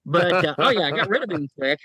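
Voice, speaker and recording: A man with a high, husky, bright voice talks quickly and expressively, sounding pushed, in a podcast interview. He tells folksy stories about his paranormal team, acting out people's voices in quotes and chuckling. The low-quality recording has no echo.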